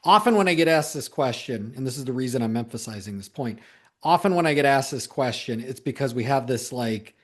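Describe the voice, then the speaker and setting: Emphatic man with a lively voice. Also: medium pitch, a little fast. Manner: emphatic, repeats key points for stress. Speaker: sales coach. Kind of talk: solo coaching talk.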